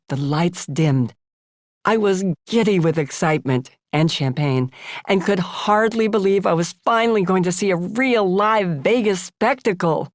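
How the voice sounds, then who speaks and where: Brief: older American woman, lowish voice, wry memoir narration, dry close studio mic. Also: darkish tone, dry recording. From United States. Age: 70s. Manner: wry, conversational storytelling. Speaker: author narrating her memoir.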